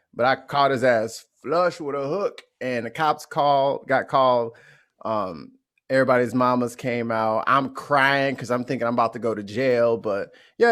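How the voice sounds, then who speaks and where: A man from St. Louis, USA, appears as a guest on a podcast interview, telling candid stories in a blunt, profane way and often restarting his sentences. His voice is mid-range and a bit bright.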